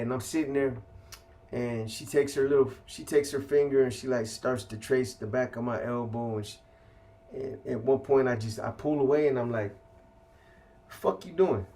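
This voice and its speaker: A man's voice: medium pitch, darkish tone. A man from California bluntly recounting his past in casual street slang, with heavy profanity. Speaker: interviewee telling his life story. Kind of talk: casual storytelling.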